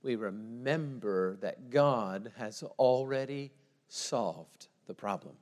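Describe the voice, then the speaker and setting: A man preaching a sermon. He talks in a conversational way, with frequent "like", and swings between hushed prayerful passages and loud, fast bursts. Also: medium pitch, expressive, long reverb tail. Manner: conversational, uses "like" often. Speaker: pastor.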